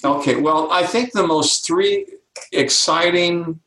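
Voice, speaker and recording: An older man, an author and speaker, telling stories in an interview and slowing down to stress key words. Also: a little high, fairly bright tone, reverberant, a little hiss or hum, low-quality recording. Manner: slows down to stress key words, acts out quoted voices. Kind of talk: interview storytelling.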